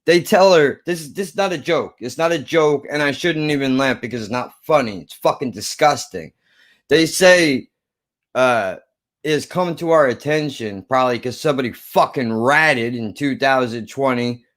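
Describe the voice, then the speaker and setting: A man in his thirties telling a story as an animated, profane rant to his viewers. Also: mid-range voice, normal speed. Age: 30s. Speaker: vlogger. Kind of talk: ranting storytelling.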